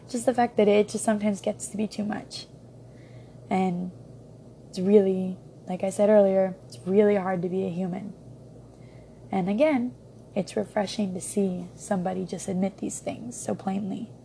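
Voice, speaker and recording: A woman's voice: medium pitch, steady tone, normal speed, creaky, mellow, slight background noise. A young woman giving a casual book review, rambling with many ums and restarts.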